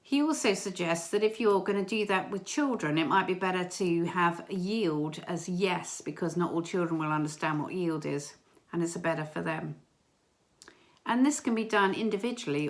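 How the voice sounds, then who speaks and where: Woman, informal church talk, gentle, earnest, hesitant. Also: on the low side, normal speed. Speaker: church member sharing a prayer message.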